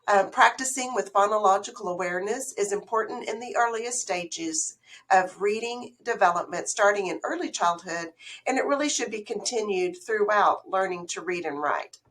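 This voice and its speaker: In a medium-pitched, fairly bright voice, a literacy educator presents a recorded slideshow on early reading. She explains things patiently and asks the listener questions.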